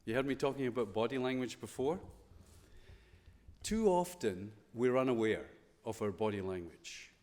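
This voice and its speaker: A man's voice: medium pitch, lively intonation, normal speed, darkish tone. Scottish guy chatting through a school chapel talk, lots of questions to the kids, big echoey chapel. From Scotland. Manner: conversational, playful, full of rhetorical questions. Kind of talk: informal chapel talk to students.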